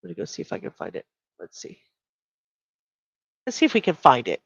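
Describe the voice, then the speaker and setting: A woman's voice: rumbling low, huge pitch swings, brisk, gravelly, breathy edge, no room sound, dull audio. A woman hosting a casual true crime livestream, chatting with viewers, laughing often and reading headlines aloud. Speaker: livestream host.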